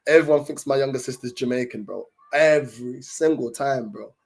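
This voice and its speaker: A man's voice: mid-range voice, a little fast, gravelly, a little mellow. A young man chatting casually to his livestream viewers, in laid-back, slang-heavy talk full of fillers. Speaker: livestream host.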